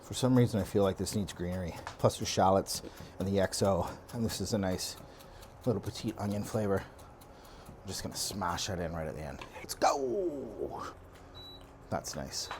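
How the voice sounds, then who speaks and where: A man's voice: low voice, brisk, darkish tone. A man hosting a casual cooking show, who talks through a recipe in a playful, jokey way and riffs off the dish as he goes. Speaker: host and cook. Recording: audible background noise.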